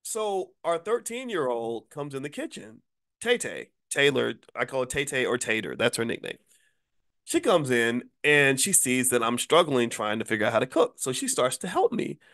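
A middle-aged man hosting his channel, telling a personal story in a casual monologue with animated delivery and frequent stammered restarts. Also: mid-range voice, normal speed. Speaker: channel host. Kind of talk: casual spoken monologue with anecdote.

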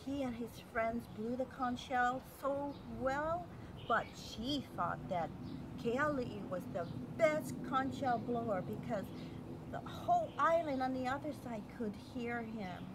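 High-voiced woman telling a children's story. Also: slow. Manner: animated, acts out voices and sound effects. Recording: noisy home recording.

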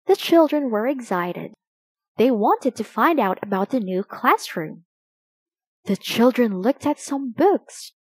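A woman reading a children's picture book aloud, slowly and expressively for young listeners. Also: fairly high pitch, animated, slightly rough, no echo. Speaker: storybook reader.

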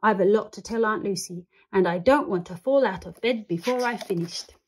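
A woman's voice: mid-range voice, normal speed, a little mellow, a little hiss or hum, lightly acted. A woman voicing a polite, earnest young male bear in a children's storybook reading, speaking in a plain, matter-of-fact way.

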